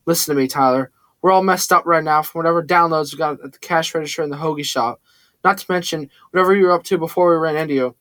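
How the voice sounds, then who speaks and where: Gruff blunt young man, by a male reader, fairly high for a man. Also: fast, no echo, lightly acted. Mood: stern. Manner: gruff and forceful.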